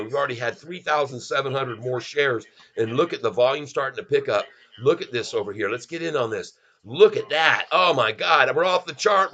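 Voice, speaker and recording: Excitedly commenting live on a stock chart, this middle-aged livestream host exclaims over each move and speaks straight to his viewers as "folks." He has a mid-range, sharp-toned voice, and the recording's highs are cut off.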